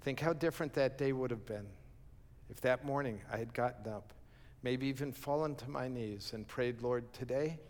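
A pastor telling a humorous story in a sermon, acting out the quoted lines and laughing at himself. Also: male voice, mid-range voice, normal speed. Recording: long reverb of a large hall.

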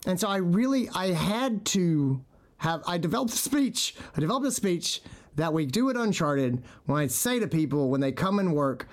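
A man's voice: sits high, sing-song, moderate pace. A middle-aged man, a veterinarian podcast host, telling stories in casual chat and acting out quotes with animation.

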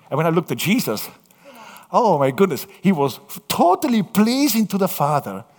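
A man from southern Italy with an Italian accent, preaching a sermon through lively personal stories, acting out the voices in them. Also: a little high. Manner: animated storytelling, acts out voices in quotes. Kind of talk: anecdotal sermon. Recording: long hall reverb.

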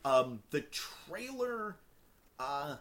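A man co-hosting a podcast, chatting about a movie in a halting way with many restarts. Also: on the high side, very animated, fairly bright tone. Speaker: podcast co-host. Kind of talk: casual film review chat.

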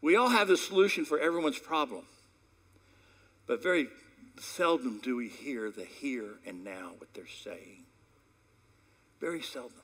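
Man, pastor, sermon, conversational storytelling, animated pitch, loud peaks and hushed asides. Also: measured pace, pauses often.

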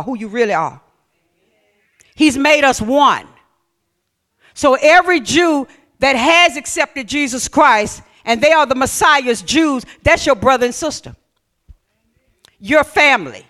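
A pastor preaching a sermon in a strikingly high, bright, forceful man's voice. He reads scripture passages aloud and breaks off to question the congregation directly. At key points he rises to shouted emphasis.

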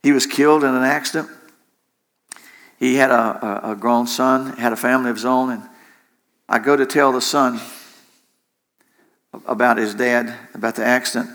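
A man's voice: mid-range voice, fairly even intonation, normal speed, long pauses, a bit bright. A man preaching a sermon in an impassioned way, repeating phrases for emphasis. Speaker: pastor.

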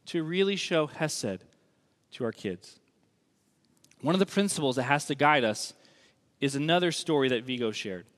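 A man preaching a sermon in a conversational, emphatic way, slowing down to stress key lines. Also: fairly high pitch, fairly bright tone. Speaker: pastor. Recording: long reverb of a large hall.

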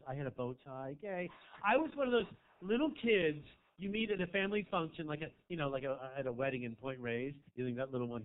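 A man doing a stand-up comedy set in a small club, with brash, campy crowd work that swings from loud to quiet. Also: mid-range voice. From American South. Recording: tinny phone-like audio.

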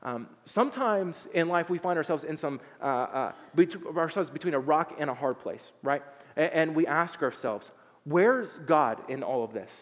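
A man preaching a sermon in a relaxed, conversational way, with many fillers and restarts. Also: fairly high pitch, moderate pace. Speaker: pastor. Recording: dull sound with long hall reverb.

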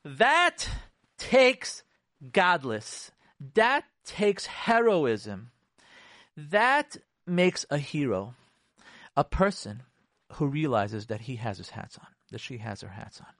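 A man talks through marriage advice like a radio therapist, his pitch riding a little high and jumping around with lively swings. He repeats his points for emphasis and slips Hebrew terms into his talk. The sound is dry and close, with no room around it. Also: takes it slowly, no room sound. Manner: animated, repetitive, sprinkles Hebrew terms.

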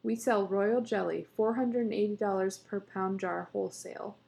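A woman's voice: mid-range voice, steady tone, normal speed, creaky, mellow, natural voice. A woman voicing a proud, teasing beekeeper husband in a read-aloud story, coaxing and patient as he explains himself. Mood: boastful.

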